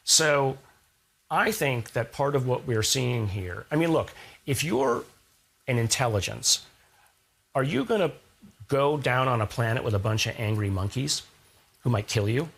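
A man's voice: medium pitch, animated, a little slow, vocal fry, pauses often, fairly bright tone, breathy edge. A man being interviewed as a scientist guest, explaining ideas through analogies and rhetorical questions in a thoughtful, conversational way.

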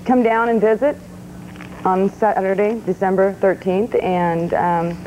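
A woman co-hosting a casual morning radio show as the DJ, chatty and quick to laugh. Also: medium pitch, steady tone, darkish tone, highs cut off, a little hiss or hum. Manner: chatty, giggly, fills pauses with um. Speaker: radio co-host, DJ.

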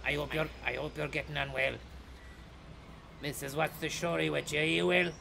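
Playing a bus driver on a comedic live stream, an Irish man jokes with his passengers and recycles his catchphrases. His voice is a little high, bright and forceful with vocal fry, fairly even in intonation and moderate in pace, and slight background noise can be heard.

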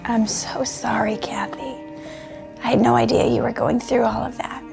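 A gentle, gravelly-voiced mother. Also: on the high side, fairly even intonation, moderate pace. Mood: sympathetic. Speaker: sympathetic mother in a drama skit. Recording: clip played over music.

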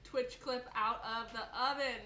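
A woman's voice: on the high side, fairly even intonation, unhurried. A woman from Chicago hosting a livestream, chatting casually and reading out chat messages while cooking. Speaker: livestream host. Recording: echoey room with noticeable noise.

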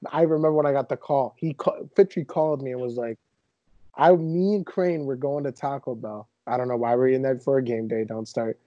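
A young man in his twenties hosts a casual podcast and tells stories with lively, mock-indignant flair. His voice is dark and mellow. The recording is dry and a little dull. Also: mid-range voice, brisk, no echo. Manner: animated storyteller, exaggerated indignation. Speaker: podcast host.

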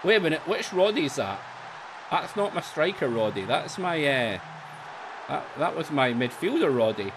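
A man streaming himself playing a football management game, chatting along in a gravelly voice. His pitch swings widely as he jumps from rambling self-mockery to excited yelps. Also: normal speed, noisy background. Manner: chatty and self-mocking, with sudden excited outbursts. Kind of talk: live-streamed gameplay commentary.

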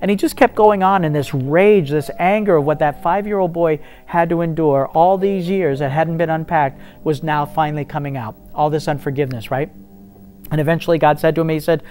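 A man's voice: fairly high pitch, brisk, darkish tone, faint music behind. A man in a faith interview, telling a story earnestly and acting out the dialogue with rising intensity. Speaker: ministry guest telling a testimony.

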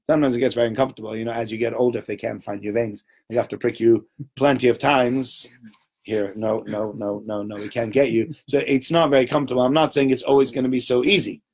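A man giving an informal Torah talk to a small group, conversational and animated, often checking in with "right?" and acting out little voices. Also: medium pitch, quick pace. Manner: acts out little voices and sounds while telling stories.

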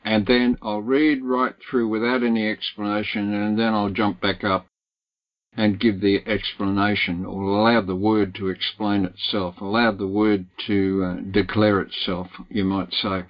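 Slow, deliberate male Bible teacher. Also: lowish voice, flat delivery, dull audio. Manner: slow and deliberate, stressing key words. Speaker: Bible study leader. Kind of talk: Bible teaching and scripture reading to a small group.

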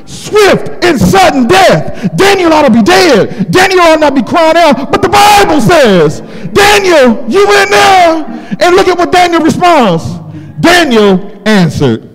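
Male preacher, very high and animated pitch; impassioned storytelling with shouted peaks. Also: a little slow. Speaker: pastor. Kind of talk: sermon. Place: church sanctuary. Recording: long hall reverb.

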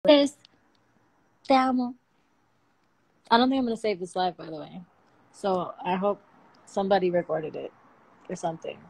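Slangy, animated woman on a phone livestream. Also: medium pitch, normal speed, creaky, long pauses, poor audio. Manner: slangy and profane, animated and laughing. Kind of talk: casual livestream chat.

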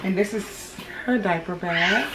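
A woman's voice: mid-range voice, unhurried, very noisy. A pregnant woman in her thirties chatting casually to viewers, a bit out of breath, calling them y'all as she goes. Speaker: vlogger, expectant mother. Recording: echoey home room, distant camera mic.

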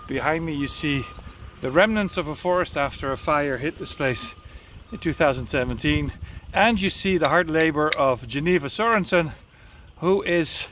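A man's voice: fairly high pitch, fairly bright tone, a little hiss or hum. A man, out of breath, giving a cheerful, chatty video tour of a garden outdoors, recorded on a handheld phone. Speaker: foundation director giving a site tour.

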